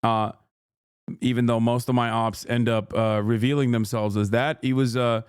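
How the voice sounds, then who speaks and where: A man's voice: medium pitch, level tone, normal speed, clean tone, no echo. A man livestreaming casual political commentary, ranting in a sarcastic, profane, heated way on a close mic.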